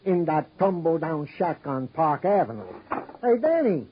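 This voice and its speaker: A good-natured, long-winded police sergeant. His voice sits high and a bit husky. The sound is the muffled tone of an old radio broadcast. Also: very animated, unhurried, heavily acted. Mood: cheerful. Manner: folksy, wordy, good-natured. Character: chatty wordy police sergeant, good-humored. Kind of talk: 1950s radio drama acting. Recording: dull old radio recording.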